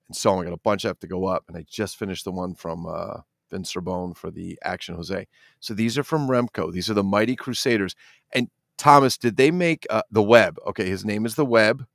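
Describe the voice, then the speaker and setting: A man's voice: on the low side, gravelly, no room sound, studio quality. A middle-aged man hosting a casual toy-collector livestream, rambling and swearing while he reads the chat.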